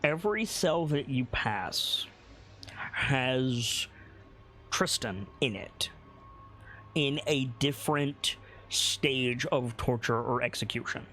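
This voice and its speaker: Slow, descriptive male game master. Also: mid-range voice, animated, sharp tone. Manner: slow, descriptive, builds scenes piece by piece. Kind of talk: narrating a tabletop game.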